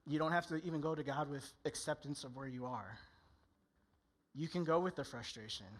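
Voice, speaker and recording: A man's voice: fairly high pitch, fairly quick. A male pastor preaching a candid, conversational sermon in church, often acting out people's inner voices.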